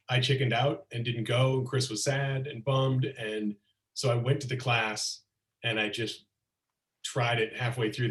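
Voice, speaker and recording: A middle-aged man telling lively anecdotes as a comedian guest, slipping into acted-out quotes, on a video call. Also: medium pitch. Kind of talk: casual storytelling chat. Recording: roomy echo, far from mic.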